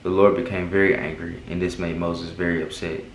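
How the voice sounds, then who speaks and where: Man, low and monotone, casual Bible reader, home room with faint hiss. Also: roomy sound, poor audio. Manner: halting, stumbles and rereads words. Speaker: Bible reading host. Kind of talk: casual Bible reading aloud. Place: second bedroom at home.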